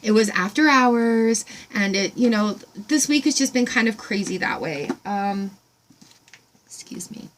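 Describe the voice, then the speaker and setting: A woman talks straight to camera from home in a casual gratitude vlog. Her voice sits a little high, and she rambles in an excited way, full of ums and restarts. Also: moderate pace, hardly any pauses, a little hiss or hum. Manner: excited, rambling, filler-heavy. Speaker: vlogger.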